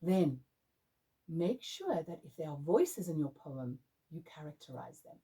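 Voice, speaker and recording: A woman's voice: sits low, very animated, measured pace, dark tone, husky, low-quality recording. A woman adjudicator giving emphatic, demonstrative coaching tips to young performers. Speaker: drama adjudicator. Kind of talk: instructional talk to performers.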